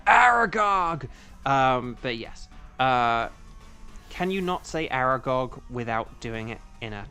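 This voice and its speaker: Chatty male game streamer thinking aloud. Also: mid-range voice. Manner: chatty, thinking aloud, bursts into loud playful outcries. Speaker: streamer and voice actor. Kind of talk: casual live-stream game commentary.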